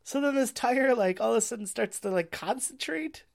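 A woman's voice: a little high, lively intonation, normal speed, gravelly, darkish tone. Young woman, casual movie recap: rambling, sweary, laughing a lot. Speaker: movie reviewer.

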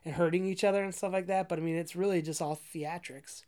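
A woman with a fairly low voice rambling through a casual, profane movie rant. She piles up "like" fillers and restarts as she talks. She breaks into frequent laughs along the way. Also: fairly even intonation, fast talker, mellow.

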